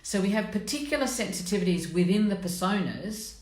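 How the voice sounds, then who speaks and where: A woman's voice: mid-range voice, lively intonation, brisk, a little mellow. A middle-aged woman hosting a live stream, chatting bluntly and with self-mockery, greeting her viewers by name. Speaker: host of a personality coaching live stream. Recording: echoey room.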